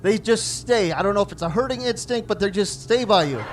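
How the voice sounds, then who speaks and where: A man's voice: high voice, animated, brisk, noisy background. A man in his forties doing stand-up, telling self-deprecating stories about his daughters and acting out their dialogue. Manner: storytelling with self-deprecating jokes, acts out family dialogue. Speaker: stand-up comedian. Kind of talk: stand-up comedy.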